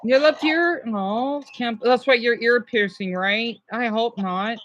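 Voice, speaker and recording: A woman's voice: on the high side, slow pace, fairly bright tone, muffled recording, slight background noise. A woman streamer chatting casually over clips, rambling with many restarts.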